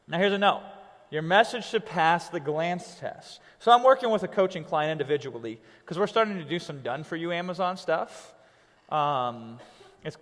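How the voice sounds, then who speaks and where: A man teaching an online business lesson in a lively, conversational way, checking in with "right?" over and over. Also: fairly high pitch, long reverb tail. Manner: animated, conversational, keeps asking "right?". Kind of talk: coaching lesson.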